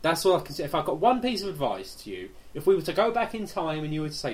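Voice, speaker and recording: A man from England with a lively, swinging pitch bantering on a podcast. He teases his co-host with quick retorts and bursts of mock outrage. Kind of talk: comic banter.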